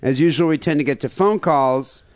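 A man's voice: a little high, moderate pace, dry recording, studio quality. A man co-hosting a crude comedy podcast, joking loosely and laughing between lines. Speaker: podcast co-host. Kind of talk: crude comedic casual chat.

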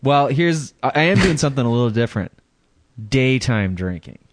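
A man's voice: mid-range voice, very animated, a little fast, no echo, clean studio sound. A man co-hosting a podcast in casual chat, laid-back and often chuckling. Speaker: podcast co-host.

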